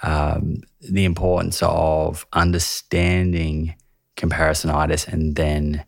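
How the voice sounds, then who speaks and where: A man hosting a podcast, asking questions in a measured, searching way with some restarts. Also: a bass voice, gravelly, dry recording, clean studio sound. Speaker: podcast host. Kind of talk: conversational interview.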